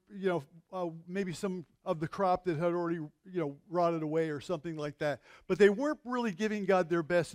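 High-voiced preacher, dry close sound. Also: male voice, no room sound. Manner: conversational preaching with restarts and rhetorical questions. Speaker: pastor. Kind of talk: sermon.

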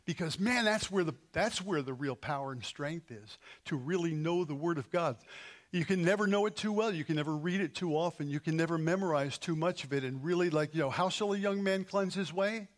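A man's voice: fairly high pitch, a little fast. A man, a pastor leading an earnest closing prayer in a church service, rising to emphatic peaks. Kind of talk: sermon prayer. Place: church sanctuary.

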